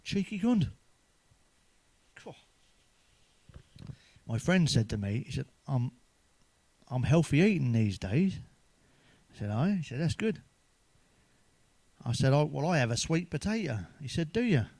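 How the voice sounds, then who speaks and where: A man's voice: medium pitch, sing-song, measured pace, vocal fry, long pauses, a little mellow, no echo. A man telling crude stand-up jokes in a chatty, swearing manner, ending with tag questions. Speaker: stand-up comedian.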